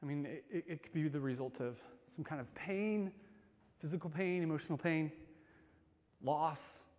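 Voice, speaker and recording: A man giving a sermon as a pastor, conversational and casual, swinging between loud emphasis and soft, quiet stretches. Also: on the high side, in a large hall.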